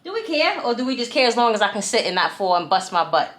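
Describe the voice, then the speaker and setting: A woman speaks fast with lively intonation in a slightly bright, mid-range voice, vlogging as she assembles furniture at home. Talkative and exasperated, she addresses her audience as "y'all," with room echo and faint noise in the background.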